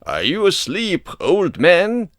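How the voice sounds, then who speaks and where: A man's voice: high-pitched, huge pitch swings, slow pace, fairly bright tone, no room sound, pitched above the performer's own voice, full character voice. A man playing a suspicious colonial policeman who questions curtly and gives orders, in a dry recording. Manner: curt questioning. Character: gruff male colonial policeman, curt and suspicious.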